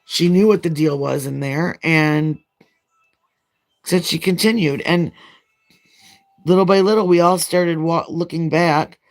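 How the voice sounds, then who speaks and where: A woman's voice: low voice, measured pace, long pauses, soft background music. Chatty woman rambling while doing nails. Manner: chatty, rambling, frank storytelling. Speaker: nail vlogger.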